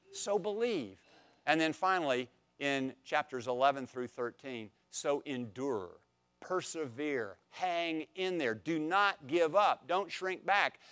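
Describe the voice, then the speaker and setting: Young guy teaching bible class, kinda high voice, hammers his points home by repeating them. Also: a bit bright, clear, resonant tone. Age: young adult. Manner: emphatic, repeats phrases with rising intensity; jokes lightly with the class.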